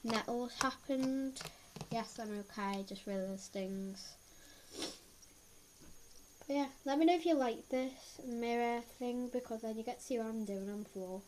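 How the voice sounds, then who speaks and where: A woman with a cold, sniffling as she reviews slime in a chatty, excitable way at home, often gasping and exclaiming. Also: fairly high pitch, unhurried. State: has a head cold, sniffling. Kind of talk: casual unboxing chat. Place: at home, filming on the floor. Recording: loud background noise and clicks.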